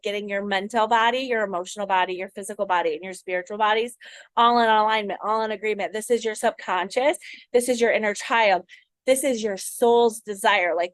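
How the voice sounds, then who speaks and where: A woman's voice: medium pitch, no echo. A woman coach giving casual advice to camera, talking frankly and freely swearing, often checking in with "right?". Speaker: manifestation coach.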